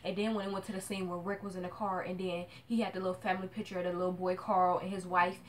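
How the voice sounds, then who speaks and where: A woman's voice: lowish voice, little pitch movement, fast talker, a little hiss or hum. Dramatic, slangy young woman vlogging. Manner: dramatic, slangy, swings from hushed to shrieking. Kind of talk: casual vlog rant.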